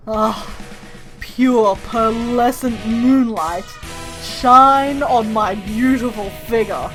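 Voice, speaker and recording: A woman's voice: on the high side, very slow, fairly bright tone, faint music behind. Woman reading as a pompous, vain bird inventor. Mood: grandiose. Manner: pompous, theatrical, self-admiring.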